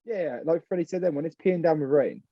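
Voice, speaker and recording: A man, a rugby player guest, telling a story in a relaxed, rambling way with many ums. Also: a little high, fast, a crowd in the background. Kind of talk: casual storytelling. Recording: muffled lo-fi audio.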